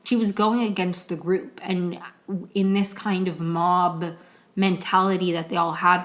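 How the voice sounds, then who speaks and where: Emotional, rambling young woman podcaster. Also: fairly low pitch. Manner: emotional, rambling, tearful at times, many "like"s and restarts. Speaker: podcast host. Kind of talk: casual solo recap.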